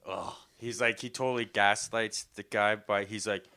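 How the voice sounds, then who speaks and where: A young man co-hosting a casual podcast, his low voice smooth and bright. He rambles through stories with a stream of fillers and false starts. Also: steady tone, normal speed. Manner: rambling, many fillers and restarts, laughs a lot. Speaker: podcast co-host.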